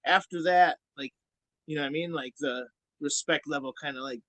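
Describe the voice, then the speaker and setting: A man's voice: fairly high pitch, a little fast, rough recording. A man guest on a podcast, telling rambling stories full of swearing and quoted arguments. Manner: profane, rambling, animated when telling stories. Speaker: podcast guest, former wrestler. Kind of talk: casual storytelling.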